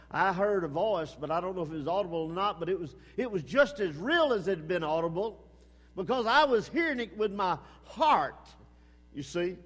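A man preaching a sermon with emphasis, repeating his phrases and swinging between loud and hushed. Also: on the high side, slightly rough, in a large hall.

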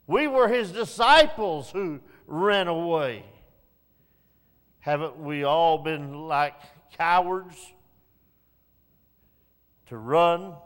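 Preacher, male, high voice, slow deliberate sermon delivery, long hall reverb. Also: animated, clear, resonant tone. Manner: swings from low hushed passages to raised pleading lines.

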